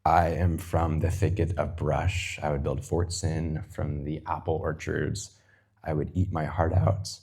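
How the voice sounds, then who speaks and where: A man in his twenties giving an unhurried, poetic reflection, lingering over long lists and sometimes dropping to a near-whisper. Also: a bass voice, level tone, darkish tone, slightly rough. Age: 20s. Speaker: guest speaker. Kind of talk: reflective personal reading.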